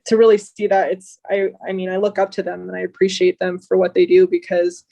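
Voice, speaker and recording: A talkative woman guest speaks earnestly in a relaxed podcast interview. Her pitch stays quite even and flat as she talks. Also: a little fast, gravelly. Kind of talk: casual interview chat.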